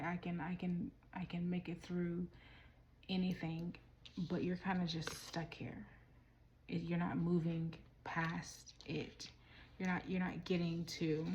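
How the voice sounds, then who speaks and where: A woman's voice: lowish voice, background noise. A woman giving a casual tarot reading while out of breath, rambling and restarting her sentences, sometimes dropping to a whisper. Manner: rambling, restarts and trails off mid-thought. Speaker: tarot reader.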